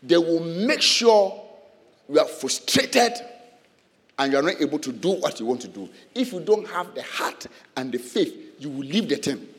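Male preacher, high and lively delivery, asks the room questions, laughs a lot; long reverb from the church hall. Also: moderate pace. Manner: animated, asks the congregation questions and laughs often. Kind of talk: sermon.

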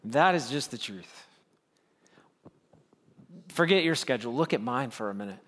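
High-voiced pastor preaching in a reverberant hall. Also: male voice, fairly bright tone. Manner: earnest preaching with rising, pleading emphasis and repeated phrases. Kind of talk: sermon.

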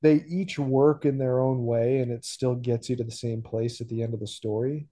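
Mellow-voiced man musing in casual chat. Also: mid-range voice, steady tone, moderate pace. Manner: thoughtful, hesitant with many fillers. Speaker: podcast co-host. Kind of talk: casual discussion.

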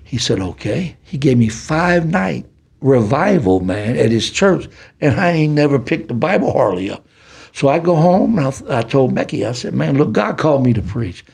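Husky older man telling a preacher's story. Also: mid-range voice, moderate pace. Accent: Southern US city. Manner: preacherly, animated storytelling with folksy talk. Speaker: podcast guest. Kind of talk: storytelling testimony.

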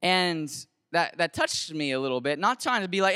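A man who teaches, telling a story to an audience in an animated, slangy, conversational way with lots of restarts. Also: on the high side, moderate pace, clean tone, no echo, studio quality. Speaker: teacher and camp cabin leader.

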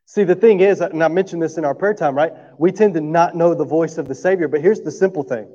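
Speaking fast with few pauses, this pastor has a mellow voice on the high side. He delivers a relaxed, conversational sermon to his congregation in a church sanctuary, regularly asking "right?" and coughing through the talk. The audio is dull, with a long hall reverb.

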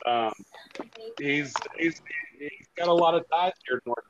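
A man with a slightly high voice co-hosts a casual podcast chat and breaks into quick, heated rants. The recording sounds dull and lo-fi. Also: slight background noise. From North Carolina. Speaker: podcast co-host.

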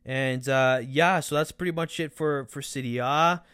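A young man hosting a casual football podcast, excitable and animated, with loud outbursts and quieter asides. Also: medium pitch, normal speed, clean tone, no echo, studio quality. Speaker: podcast host.

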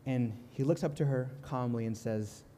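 A man's voice: mid-range voice, a little hiss or hum. Young man preaching in a reverberant church. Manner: calm, earnest, slows and softens on key lines. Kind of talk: sermon with storytelling. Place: church sanctuary.

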